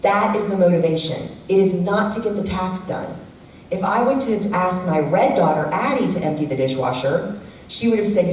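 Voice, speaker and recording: Middle-aged woman, workshop presenter, low mellow voice, animated storyteller; recorded far off in an echoey hall. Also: moderate pace. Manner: animated storyteller who acts out quoted family members. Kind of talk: community workshop talk with personal stories. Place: church hall. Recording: echoey hall from far off, faint room noise.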